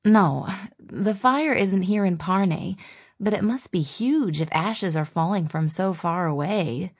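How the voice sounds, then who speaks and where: A woman's voice: on the low side, animated, a little slow. A woman voicing a spirited, restless young woman in an audiobook. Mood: earnest.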